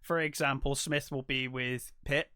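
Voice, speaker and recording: A man co-hosting a casual film podcast, talking in an animated way and acting out his own reactions. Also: medium pitch, measured pace, smooth, dry recording, clean studio sound. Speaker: podcast co-host.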